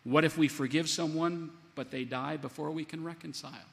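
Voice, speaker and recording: A man delivers a sermon in a somewhat high voice, animated and acting out the quoted lines. His voice rings with a long reverb, as in a large hall. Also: fairly quick, gravelly. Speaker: pastor.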